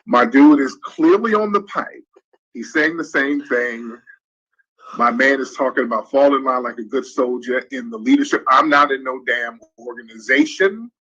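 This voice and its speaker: A man hosting a livestream, ranting in heated, profane, animated commentary. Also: mid-range voice, moderate pace, slightly rough, muffled recording. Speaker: livestream host.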